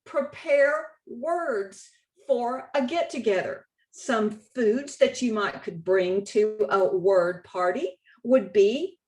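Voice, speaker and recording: Slow, measured Texan woman presenter. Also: fairly high pitch. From Texas. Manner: measured, instructive, reads example quotes aloud. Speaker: state contest director. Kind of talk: conference presentation with slides.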